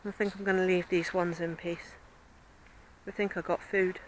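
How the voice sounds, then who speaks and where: A woman's voice: on the low side, little pitch movement, moderate pace, noisy background. A woman from Southampton with a southern English accent, chatting and rambling in a casual vlog as she walks by a river. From Southampton, southern England. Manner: chatty, rambling, self-described babbling. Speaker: vlogger. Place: outdoors by a river with swans and ducks.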